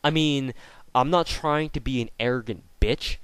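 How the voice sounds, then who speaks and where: A man's voice: mid-range voice, normal speed, fairly bright tone, smooth, dry recording. Young man ranting angrily, dry sound. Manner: angry, profane, sarcastic ranting. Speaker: YouTuber. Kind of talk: ranting vlog commentary. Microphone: off-camera voice recording.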